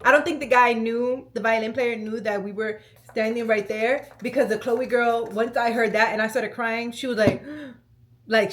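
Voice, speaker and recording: A young woman recounts a personal story straight to camera in a lively, gossipy storytime vlog. Her voice sits a little high, and she keeps things flowing with casual fillers and emphatic asides. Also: slight background noise. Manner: animated, chatty storytelling with lots of "like" and "let me tell you". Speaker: vlogger.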